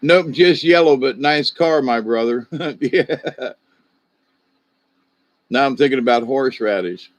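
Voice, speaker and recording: On a laid-back livestream, a middle-aged Southern man talks to his viewers by name in a drawl, rambling and chuckling along. His medium-pitched voice moves slowly with long pauses, recorded without echo.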